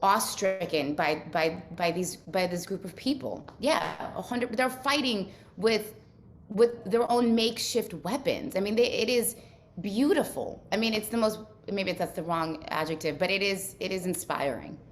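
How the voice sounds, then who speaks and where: A woman's voice: medium pitch, normal speed, a little hiss or hum. A woman from Ukraine, a guest in a casual interview, speaking earnestly in long run-on thoughts.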